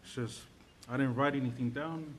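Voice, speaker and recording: A man's voice: medium pitch, fairly even intonation, moderate pace, slight background noise. A man speaking at a funeral as the best friend, hesitant and subdued, without notes. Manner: hesitant, subdued, full of fillers. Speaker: best friend giving a eulogy. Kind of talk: unscripted funeral speech.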